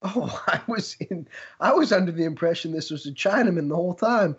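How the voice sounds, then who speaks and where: A man's voice: high voice, expressive, fairly quick, husky, lo-fi sound. A man co-hosting a podcast, joking and crude in casual banter. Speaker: podcast co-host.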